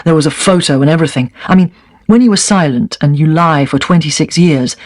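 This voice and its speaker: A man reading the part of a weary, resigned middle-aged former secret police officer, in a quiet, subdued way. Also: on the high side, brisk, no room sound, clean studio sound, close to an everyday voice. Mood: rueful. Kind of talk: reading a memoir aloud.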